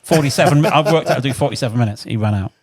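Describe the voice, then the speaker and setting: An English man telling lively, swear-filled anecdotes from his mechanic days in a casual podcast chat. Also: medium pitch, very fast, over a noisy crowd. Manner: animated anecdotes, swears freely, acts out shouted quotes.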